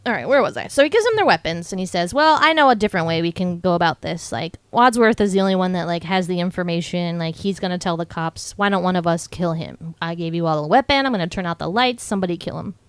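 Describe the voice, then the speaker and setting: A young adult woman co-hosting a podcast, casually recapping a film and acting out characters' lines in quick put-on voices. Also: lowish voice, lively intonation, clean tone, no echo. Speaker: podcast co-host.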